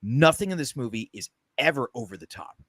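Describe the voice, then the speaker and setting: A podcast co-host chats casually, lively and emphatic, swearing as he goes. His medium-pitched voice moves fairly quickly, recorded dry with clean studio sound.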